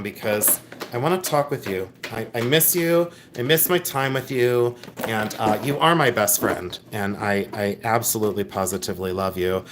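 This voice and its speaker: A man's voice: mid-range voice, fairly bright tone. A middle-aged man hosting a casual livestream from home, chatty and playful, reading viewer comments aloud. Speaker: livestream host.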